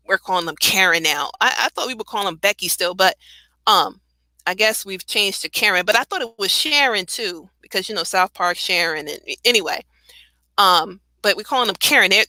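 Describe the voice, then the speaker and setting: A woman's voice: medium pitch, bright, forceful tone, dry recording, rough recording. A woman guest on a talk radio show, talking in an impassioned, conversational way with frequent fillers and some laughs. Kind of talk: casual radio commentary.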